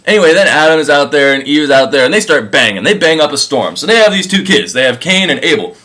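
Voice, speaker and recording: A young man casually retelling a story with irreverent, profane humor, jumping into quick voices for each figure. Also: fairly high pitch, very animated, sharp tone, rough recording. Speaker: comedic storyteller.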